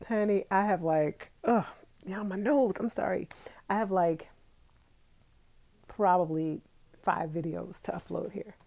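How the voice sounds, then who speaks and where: Woman, thirties, chatty live-stream host with a low, dark, gravelly voice, talking straight to her viewers. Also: unhurried, long pauses. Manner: chatty, talks straight to viewers, laughs often. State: itchy nose from allergies. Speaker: vlogger hosting a live stream. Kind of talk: casual live stream chat. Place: bedroom at home.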